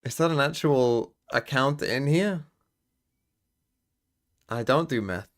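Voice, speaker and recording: A man's voice: mid-range voice, expressive, slow. A man streaming live, casually chatting with viewers and muttering guesses to himself as he works through a word puzzle. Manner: thinks aloud, muttering guesses and reading chat. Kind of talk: casual livestream chat.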